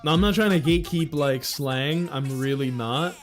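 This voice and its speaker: A man's voice: fairly high pitch, moderate pace, soft background music. A man in his thirties from New York, chatting candidly and rambling on a livestream, swearing casually as he talks. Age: 30s. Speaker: livestream host.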